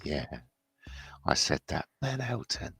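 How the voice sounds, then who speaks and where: A man's voice: deep voice, sing-song, slow, creaky, sharp tone, husky, dry recording, soft background music. A man hosting a casual livestream, chatting in blunt banter with some swearing, reading out viewers' comments and answering them. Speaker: livestream host.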